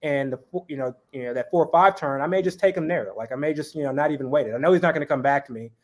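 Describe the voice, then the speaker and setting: A man's voice: fairly high pitch, rapid-fire. A man as an interview guest in casual chat, talking in long rambling runs full of fillers.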